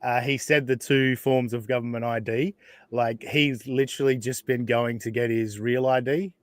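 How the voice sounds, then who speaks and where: A man's voice: medium pitch, fairly even intonation, normal speed, no echo. An Australian man hosting a podcast, chatting casually with sarcastic asides, frequent laughs and swearing. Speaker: podcast host. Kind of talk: casual chat.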